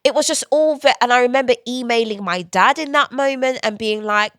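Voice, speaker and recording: A woman's voice: on the high side, fairly quick, few pauses, dry recording, clean studio sound. A woman, guest on a podcast, telling personal stories candidly and acting out what people said. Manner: candid, animated storytelling with quoted asides. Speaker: guest author. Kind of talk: conversational podcast interview.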